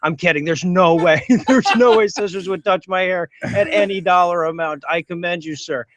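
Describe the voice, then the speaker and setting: High-voiced deadpan joking man. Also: normal speed, crowd noise. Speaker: podcast guest. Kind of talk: comedic podcast chat.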